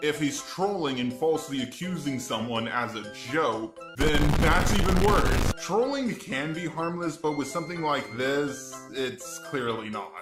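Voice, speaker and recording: A man's voice: a little high, expressive, a little slow, few pauses. Robotic text-to-speech male voice. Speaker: commentary channel host. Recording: roomy echo over loud music.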